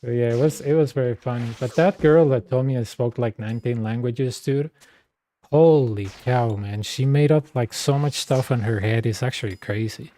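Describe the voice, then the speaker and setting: Mellow-voiced man telling rambling stories. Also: mid-range voice, moderate pace. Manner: rambling storyteller, heavy slang and fillers. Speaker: streamer. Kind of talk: casual chat while gaming.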